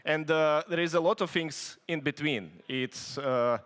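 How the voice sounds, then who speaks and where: A man's voice: on the high side, a bit bright, smooth. Russian accent guy presenting on stage, lots of uhs and restarts, big hall echo. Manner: halting, many fillers and restarts, joking asides. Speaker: conference speaker. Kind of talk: tech conference talk. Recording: long hall reverb.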